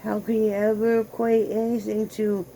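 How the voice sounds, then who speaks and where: A woman with a gravelly edge talks casually at home to her viewers, drifting into cooing baby talk for her little dog. Her pitch sits in a middle range, and faint room noise is heard behind her. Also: flat delivery, normal speed, warm tone, low-quality recording. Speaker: vlogger.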